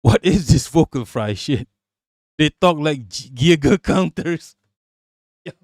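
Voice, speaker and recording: Male streamer, loud mocking profane rant, fairly high voice, dead dry sound. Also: lively intonation, unhurried, long pauses, dry recording.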